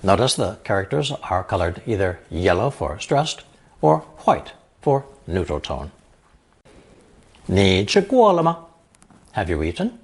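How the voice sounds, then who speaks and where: A man teaching a recorded language lesson, explaining example phrases slowly and carefully. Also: low voice, very animated, husky. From lives in Taiwan.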